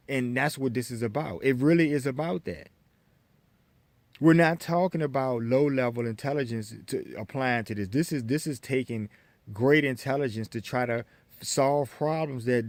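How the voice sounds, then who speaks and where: Lecturing American man, halting restarts. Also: mid-range voice, no room sound. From United States. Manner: lecturing, repetitive restarts, addresses viewers as folks. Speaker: vlogger. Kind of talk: opinion monologue to camera.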